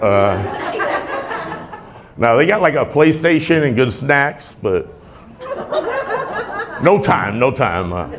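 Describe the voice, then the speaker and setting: Rambling male comic, crowd laughing. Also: on the high side. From Tacoma, Washington, USA. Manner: rambling, self-deprecating, laughs at his own jokes. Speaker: stand-up comedian. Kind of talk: stand-up comedy set. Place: comedy club stage with laughing crowd. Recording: live club set with crowd laughter.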